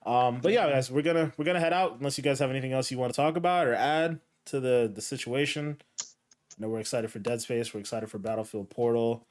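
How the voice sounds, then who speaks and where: A man hosts a gaming podcast in loose, casual chat. He rambles, restarts and leans on filler words. His voice sits in an average pitch range. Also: quick pace. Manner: relaxed, rambling, lots of fillers. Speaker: podcast host.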